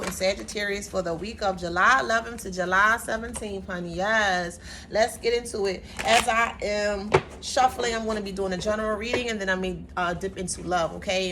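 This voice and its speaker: A woman's voice: medium pitch, bright, forceful tone, slight background noise. A woman giving a casual tarot reading on her channel, talking in a sassy, chatty way full of playful slang. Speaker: tarot reader. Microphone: camera mic.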